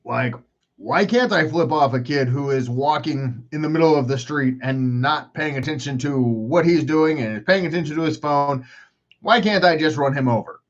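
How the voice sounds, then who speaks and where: This solo podcast comes from a man in his 40s whose voice is a little high and whose pace is normal. The audio is muffled as he wanders through self-deprecating, foul-mouthed rants.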